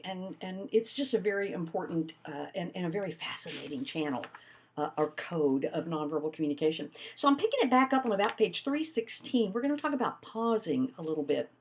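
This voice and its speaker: An older woman giving a recorded college lecture, teaching in an expressive way with lively emphasis. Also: mid-range voice. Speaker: college instructor.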